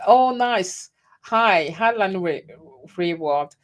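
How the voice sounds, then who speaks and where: This woman from France speaks with a French accent in a lowish, slightly mellow, unhurried voice. Hosting a casual livestream from a webcam setup, she welcomes viewers by name and frequently restarts sentences.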